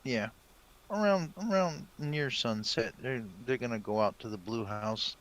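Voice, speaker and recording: Casual male player, mid-pitched, describing actions. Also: a little slow, fairly bright tone. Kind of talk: tabletop game play.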